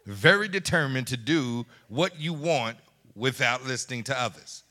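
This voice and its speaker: A man's voice: mid-range voice, expressive, normal speed, bright, forceful tone. A man preaching a sermon as pastor, with laughing asides and call and response to the congregation.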